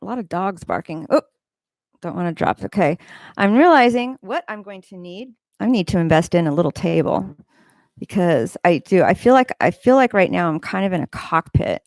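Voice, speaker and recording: A woman's voice: on the low side, lively intonation, moderate pace, darkish tone, no echo. A woman hosting a casual livestream from home, reading viewers' comments aloud and rambling between asides. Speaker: livestream host. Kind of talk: casual live-stream chat. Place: home room with a fan running. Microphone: desk microphone.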